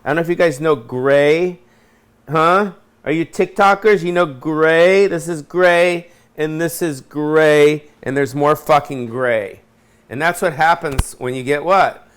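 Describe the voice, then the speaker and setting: A man's voice: fairly high pitch, a little slow, clean tone. A middle-aged man hosting a solo rant from his apartment, rambling and swearing, often losing his train of thought. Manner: scattered, profane, loses his train of thought. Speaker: host.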